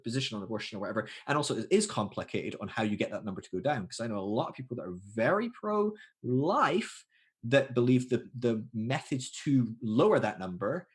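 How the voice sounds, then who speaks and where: Husky, lively-voiced man chatting. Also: medium pitch, fairly quick. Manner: animated, acts out quoted voices; thinks aloud with fillers and restarts. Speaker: podcast guest. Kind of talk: casual conversation.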